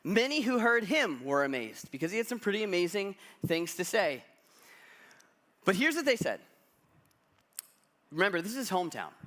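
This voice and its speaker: A man delivers a sermon as pastor, telling a story with animated energy and casual asides to the congregation. His voice sits high for a man. It has a bright, forward edge. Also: normal speed, long pauses. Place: church.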